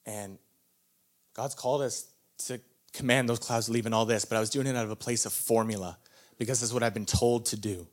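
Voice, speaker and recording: A man's voice: medium pitch, fairly even intonation, fairly quick. A young adult man preaching a sermon to a live church audience, telling a personal story candidly and laughing often. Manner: candid, storytelling, self-deprecating with frequent laughs.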